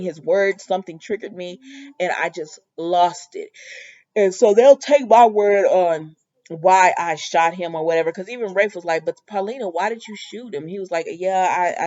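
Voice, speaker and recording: A woman casually retelling a soap episode, acting out the characters' lines with lively asides. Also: mid-range voice, muffled recording. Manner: animated storytelling, acts out dialogue, frequent laughs. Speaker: soap opera recap vlogger.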